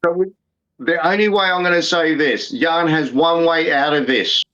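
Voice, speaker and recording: With a fairly high pitch and a sharp tone, a man in his fifties talks at a moderate pace while co-hosting a fight podcast. The casual sports banter is delivered in insistent, repetitive bursts laced with free swearing, and the sound is dull and lo-fi.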